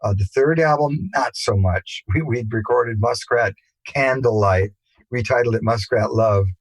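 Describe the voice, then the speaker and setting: An older man, a musician guest, telling rambling anecdotes in a relaxed interview, with many fillers and restarts. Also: mid-range voice, a little slow, no echo, rough recording. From England.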